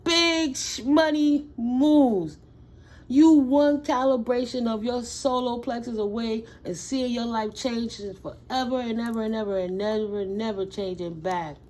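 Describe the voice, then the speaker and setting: A woman tarot reader who reads slow affirmations in a soft voice and then talks in loud, excited slang to her viewers. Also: fairly high pitch. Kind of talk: spiritual reading with affirmations.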